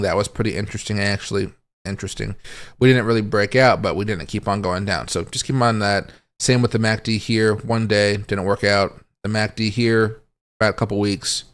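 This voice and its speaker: A man's voice: on the low side, clear, resonant tone. A man giving casual, rambling livestream commentary on crypto charts, thinking aloud as he goes. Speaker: crypto market streamer.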